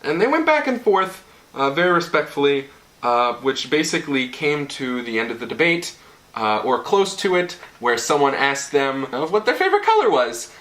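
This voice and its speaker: Bright young man rambling on a vlog. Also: a little high, big pitch swings, moderate pace. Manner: rambling, filler-heavy, playful. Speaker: channel host. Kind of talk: casual vlog recap.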